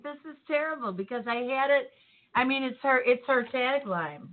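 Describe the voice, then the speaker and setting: Chatty woman cohost, lively and laughy, sounds like a thin phone line. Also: fairly high pitch, normal speed. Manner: animated, laughs often, trails off mid-thought. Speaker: co-host. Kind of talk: casual motivational chat.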